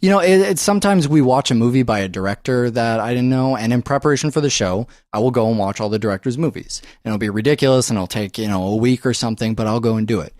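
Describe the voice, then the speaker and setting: A man at a mid pitch co-hosts a movie podcast from a dry studio, with little room sound on his voice. He talks fast and gets excited, swears freely, and runs himself out of breath. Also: dry recording. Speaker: podcast co-host. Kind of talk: casual film chat.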